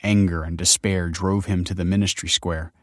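A man narrating an audiobook chapter in a measured, even storytelling manner. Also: sits low, no room sound, studio quality. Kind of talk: scripted narration.

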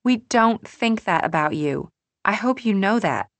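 A woman's voice: medium pitch, expressive, unhurried, no room sound, voice pushed up. A woman narrator voicing an earnest young woman friend in an audiobook. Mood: apologetic. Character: young adult woman friend, defensive then apologetic.

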